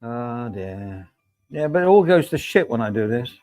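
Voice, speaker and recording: A man's voice: mid-range voice, very animated, normal speed, a little mellow, dry recording, faint music behind, poor audio. A middle-aged man hosting a casual livestream, reading out chat and joking with viewers by name. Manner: chatty, jokey, addresses viewers by name.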